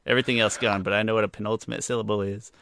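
A man's voice: on the low side, flat delivery, racing, gravelly, fairly bright tone, clear, resonant tone, no room sound, clean studio sound. A man co-hosting a casual podcast, joking and playful as he talks. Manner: jokey, playful, laughs often. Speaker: podcast co-host. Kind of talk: casual chat.

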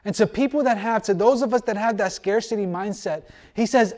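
A male pastor preaching a sermon, asking many rhetorical questions and slowing down to drive points home. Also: high voice, a little mellow.

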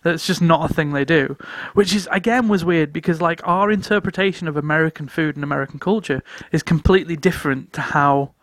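A man telling stories in casual podcast chat, animated and laughing often as he acts out what others said. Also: a little high, brisk, hardly any pauses, no room sound. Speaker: returning podcast guest.

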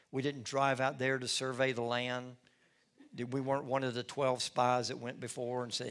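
A man's voice: mid-range voice, fairly even intonation, a little fast, a bit bright. A middle-aged man, a lead pastor telling a personal story in a sermon with folksy, self-deprecating humor.

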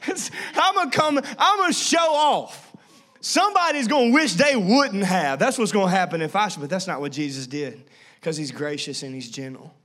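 With a high voice at a moderate pace, a man delivers a sermon as pastor. He tells family stories animatedly, adding playful asides and performing different voices.

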